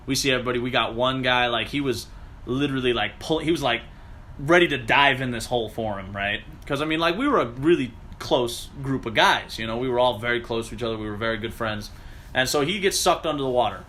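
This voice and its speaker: A man telling a story in a casual, animated way, swearing often and acting out what people said. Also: mid-range voice, fast talker, a little hiss or hum. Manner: animated, profane, acts out quotes.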